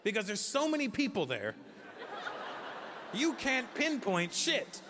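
A sarcastic male stand-up comedian from North America with a high voice, telling animated stories. The recording comes from a noisy live stage. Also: unhurried, long reverb tail.

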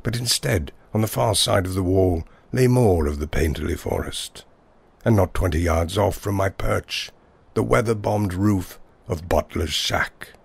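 A man's voice: low-pitched, measured pace, vocal fry, husky. A man narrating a whimsical first-person story in a wry, wordy style.

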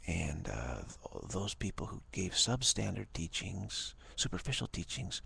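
A man speaking as a spiritual teacher in an informal talk. He talks haltingly, repeats words and often drops to a half-whisper. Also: sits low, sing-song, gravelly, bright, forceful tone, slight background noise.

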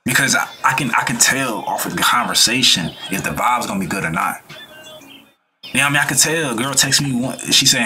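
Over soft background music, a man hosts a casual reaction video in a mid-range, pushed, bright voice with lively intonation at a fairly quick pace. He's relaxed and slangy, preaching about life and good vibes while acting out quoted people in altered voices.

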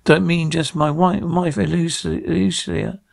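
Gravelly salesman. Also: fairly high pitch, fairly even intonation, takes it slowly, heavily acted. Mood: nostalgic. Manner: chatty salesman's patter. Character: pushy upbeat small-town male real estate salesman, middle-aged. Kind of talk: TV drama acting.

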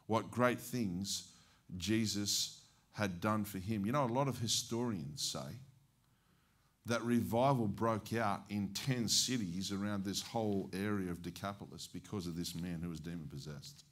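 A man with an Australian accent preaching as an evangelist, telling stories in a lively way and acting out the dialogue. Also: on the low side. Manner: animated, acts out dialogue. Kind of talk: storytelling sermon.

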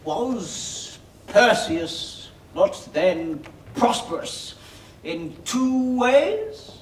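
A man acting a bad-tempered old farmer in a stage play, musing slowly. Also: high voice, very animated, slight background noise, full character voice. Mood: brooding. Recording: echoey hall, mic far off.

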